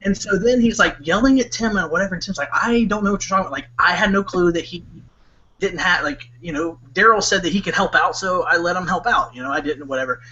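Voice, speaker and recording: A man's voice: sits high, fairly quick, bright, forceful tone, a little hiss or hum. A young man telling a story in casual podcast chat, rambling and leaning on "like". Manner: rambling, heavy use of "like", bursts of laughter. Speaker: podcast co-host. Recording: dull lo-fi podcast audio.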